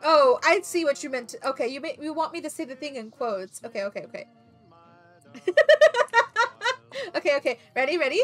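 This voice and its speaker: A woman streaming a video game, chatting excitably, laughing often and swearing casually. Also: sits high, a little fast, long pauses, soft background music. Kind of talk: casual gameplay commentary.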